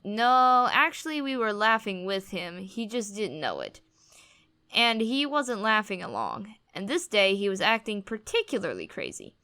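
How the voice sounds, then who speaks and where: Bright, clear-voiced woman reading aloud. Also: mid-range voice, very animated, unhurried. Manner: wry, amused storytelling. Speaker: reader on a commentary channel. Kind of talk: reading a blog post aloud.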